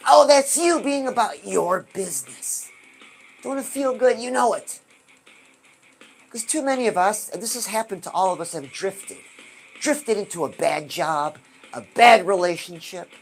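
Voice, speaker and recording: A woman hosting a live stream, giving an animated motivational talk and asking her viewers rhetorical questions. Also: a little high. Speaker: livestream host.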